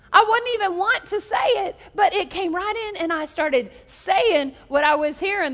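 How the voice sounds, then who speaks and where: Woman preacher, high-pitched, animated storyteller, recorded in a reverberant hall. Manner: lively storytelling with jokes, call-and-response to the congregation. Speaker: pastor. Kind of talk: sermon.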